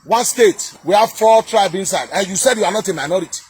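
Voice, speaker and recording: A man's voice: high voice, fairly quick, slightly rough, dry recording. A man with a Nigerian accent in a heated political rant, scornful and repetitive, with many fillers and restarts. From southern Nigeria. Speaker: commentator reacting to a video.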